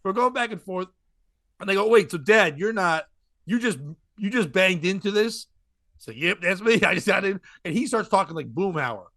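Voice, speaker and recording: A man's voice: high-pitched, moderate pace, no echo. A man hosting a casual comedy podcast, telling stories with lots of laughing and acting out the other people's voices. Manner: animated storytelling, acts out voices, laughs often.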